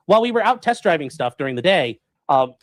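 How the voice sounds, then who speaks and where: A man streaming, telling a story to his chat in a rambling, animated way, full of fillers and acted-out quotes. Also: fairly high pitch, fast, no echo. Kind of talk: casual storytelling to a live chat.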